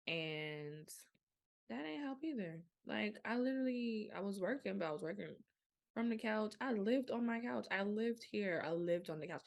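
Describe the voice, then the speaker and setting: Podcast host, young woman, low gravelly voice, blunt and animated. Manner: frank, animated storytelling with colloquial speech. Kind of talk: candid casual monologue.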